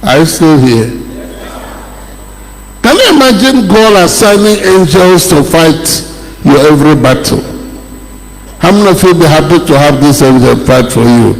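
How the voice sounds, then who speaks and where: Pastor, male, emphatic sermon delivery, gravelly voice, long hall reverb. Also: fairly high pitch, expressive. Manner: slow, emphatic preaching with rising exclamations.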